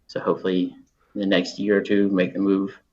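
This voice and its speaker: A man, a high school teacher, speaking as a guest on a casual podcast in a matter-of-fact way. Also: completely flat delivery, a little fast, darkish tone. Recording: dull lo-fi line with faint music.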